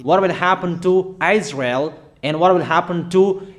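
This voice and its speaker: A man preaching a declaratory sermon, emphatic and repetitive, addressing listeners directly with halting pauses. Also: high voice.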